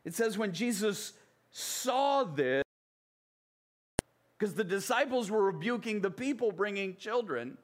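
A man's voice: high voice, animated, unhurried, pauses often. A man from the American South preaching a sermon in a conversational way, often checking in with his listeners. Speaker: pastor.

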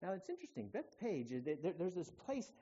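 A male pastor preaching a sermon, telling the story in an animated way that swings from hushed to loud. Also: sits high, a little fast, slightly rough. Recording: dull lo-fi church recording.

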